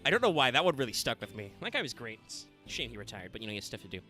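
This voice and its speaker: A man's voice: medium pitch, very animated, racing, few pauses, pushed and bright, faint music behind. A man casually commentating a game stream, explaining at length and swearing freely. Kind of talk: casual let's-play commentary.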